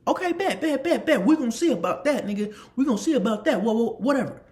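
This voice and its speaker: A man's voice: very high voice, fast, pitched above the performer's own voice. A man putting on the voice of a big, boastful teenage teammate, brash and taunting, stumbling over his words. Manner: brash, taunting, stammers with excitement. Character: big teen boy teammate, boastful and threatening.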